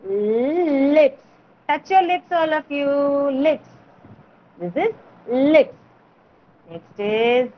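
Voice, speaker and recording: A woman teaching letter sounds to small children in an online class, slow and coaxing, repeating words for them. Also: sits high. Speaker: kindergarten teacher. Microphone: video call. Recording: dull lo-fi video call audio.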